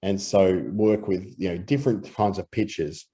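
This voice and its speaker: A man with an Australian accent explaining audio editing in a relaxed screen-recorded tutorial, with easy fillers. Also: low-pitched, a little slow, breathy edge.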